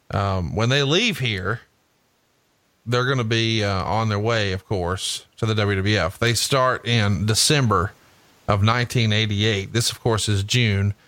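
Guy from alabama cracking crude jokes, bright voice, dry close sound. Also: fairly low pitch, dry recording. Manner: profane, jokey, laughs a lot. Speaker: wrestling podcast co-host. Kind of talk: casual chat, watching old wrestling.

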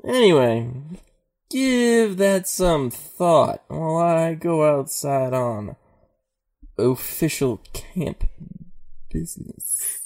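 A man voicing a spacey, laid-back male arts instructor who talks in a slow drawl. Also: fairly high pitch, animated, darkish tone, heavily acted.

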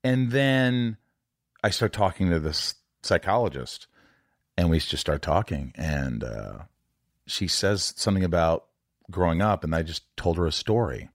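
A man with a deep, low-pitched voice, recorded dry and close with no room sound. He hosts a candid interview, speaking openly and confessionally, dropping casual swears and stammering through restarts as he works out his thoughts. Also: very animated, a little slow, no echo. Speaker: podcast host.

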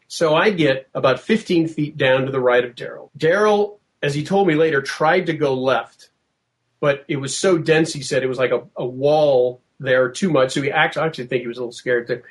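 A middle-aged man telling a long first-hand story in a podcast interview, vivid and animated, acting out what people said. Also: a little high. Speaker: podcast guest.

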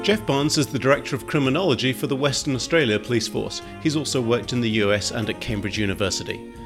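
A man's voice: mid-range voice, fast talker, over music. A man hosting a podcast, introducing a guest and then chatting with a wry, joking manner in a diner. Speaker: podcast host.

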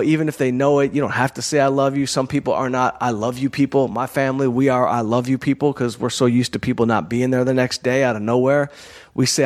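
Candid storytelling man, conversational. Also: medium pitch. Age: adult, college-educated comedian and performer. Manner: candid, conversational, frequent "you know" and "like". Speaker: podcast host telling a personal story. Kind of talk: casual storytelling monologue.

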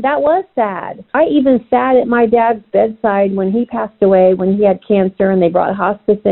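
A woman from Georgia calls in to a podcast, earnest and a little unsure. Her slightly high voice comes through a tinny phone line. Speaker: caller. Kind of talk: phone message.

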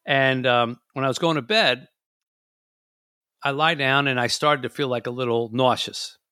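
A man's voice: medium pitch, normal speed, clean tone, dry recording, clean studio sound. A man hosting a casual talk show, chatting and acting out his own inner voice. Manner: animated, acts out his inner voice. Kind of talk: casual chat.

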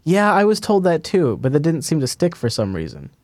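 A man hosting a casual tech podcast, his voice sitting a little high for a man. He rambles, pokes fun at himself and laughs along. The sound is dry and close, with no room in it. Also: wildly swooping pitch, brisk, no room sound. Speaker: podcast host.

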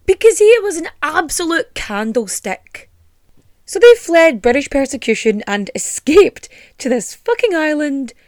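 Sweary Irish-raised woman, lively pitch. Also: dry recording, studio quality. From Ireland. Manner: sweary, sarcastic and ranting. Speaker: podcast host. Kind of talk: casual storytelling.

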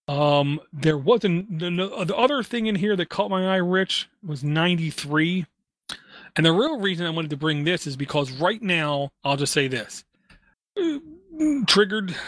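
A man in a somewhat high register hosts a casual tech podcast. He talks in an opinionated, rambling way, full of asides. The sound is dry and close, with no room around it. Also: fairly bright tone, dry recording. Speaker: podcast host. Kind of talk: casual tech news chat.

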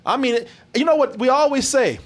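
A man co-hosting a casual movie talk, animated and profane, laughing often and acting out scenes. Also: extremely high pitch, a little fast. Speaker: movie review podcast co-host. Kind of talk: casual chat.

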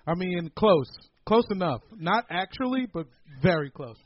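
A podcast host with a high-sitting voice jokes around and swears a lot in casual chat, sounding excitable. He speaks at a moderate pace, and the lo-fi audio is dull with faint noise.

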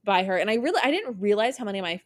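A woman's voice: mid-range voice, expressive, racing. A young woman hosting a podcast, chatting casually and enthusiastically, often correcting herself mid-sentence. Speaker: podcast host. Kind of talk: casual chat.

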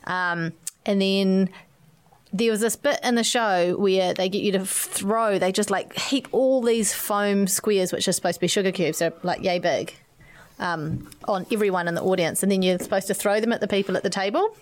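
A woman with a New Zealand accent, co-hosting a podcast and telling stories in an animated, chatty way. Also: medium pitch, moderate pace. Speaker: podcast co-host. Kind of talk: casual chat.

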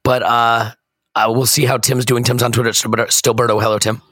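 A man hosting a sports podcast with a hoarse, croaky voice, chatting casually and self-deprecatingly from a hotel room. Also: mid-range voice, level tone, a little fast, pushed and bright, no echo, studio quality. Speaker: podcast host. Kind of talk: casual chat.

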